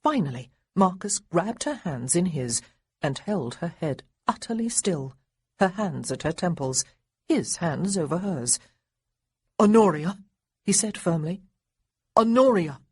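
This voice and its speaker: A woman narrating a historical romance audiobook in an expressive way, lightly voicing the characters. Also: fairly low pitch, a little slow, husky, no echo, clean studio sound. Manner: expressive, voices the boys lightly. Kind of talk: scripted narration.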